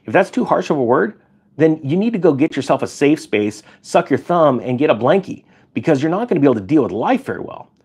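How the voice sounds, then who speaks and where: Male commentator, husky timbre, animated recap storytelling. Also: fast talker. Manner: animated storytelling, acts out quoted people with pitch jumps. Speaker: commentator recounting an event. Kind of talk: casual spoken recap.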